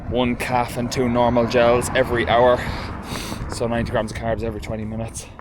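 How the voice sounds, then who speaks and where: An Irish man vlogs on the go, first from a car and then outdoors in a park. He chats casually and excitably, swears freely and keeps calling his viewers lads, and his delivery stays fairly level. Loud noise from cars and traffic runs under his voice throughout. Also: medium pitch, a little fast. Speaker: running vlogger. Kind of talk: casual vlog chat to camera.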